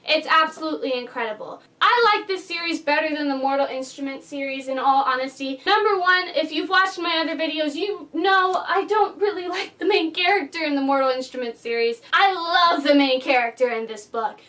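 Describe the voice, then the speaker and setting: A woman with a very high, bright voice reviews a novel in casual vlog chatter. She gushes with animated, fangirl enthusiasm. Her voice sounds a little distant from the microphone. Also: brisk, few pauses. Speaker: book reviewer.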